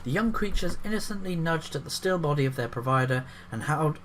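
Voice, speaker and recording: A man's voice: a little high, lively intonation, fast talker, fairly bright tone, slight background noise. A man reading an article aloud and breaking off into sarcastic, profane commentary. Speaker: YouTube commentator.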